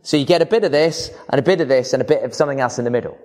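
A man preaching a sermon to a congregation, with expressive, varied emphasis. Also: mid-range voice, rapid-fire.

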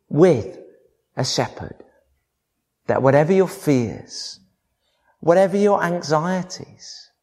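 A man preaching a sermon to a congregation, with expressive, varied emphasis. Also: a little high.

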